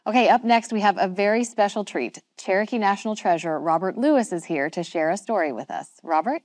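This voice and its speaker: A woman's voice: medium pitch, brisk, darkish tone, dry recording. A woman hosting an interview show, friendly and encouraging as she thanks guests. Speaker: host.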